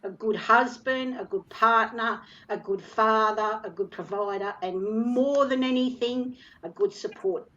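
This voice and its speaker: A woman speaking as a psychic reader over a video call, her voice fairly high and a little muffled by lo-fi stream audio. She talks in halting, emotional bursts, full of fillers and restarts. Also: pushed and bright. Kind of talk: live stream psychic reading.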